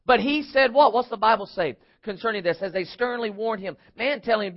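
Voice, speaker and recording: A man preaching a sermon, acting out the voices of his story, swinging from shouts down to near whispers. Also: extremely high pitch, animated, moderate pace, few pauses. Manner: acts out crowd voices in his telling. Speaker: pastor. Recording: dull lo-fi recording.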